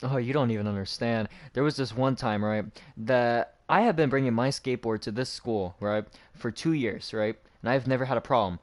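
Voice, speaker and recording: A young man casually telling a school story while playing a game, animated and acting out the people he quotes. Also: fairly quick, hardly any pauses. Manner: animated, raises pitch to act out quoted people. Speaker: gaming channel host.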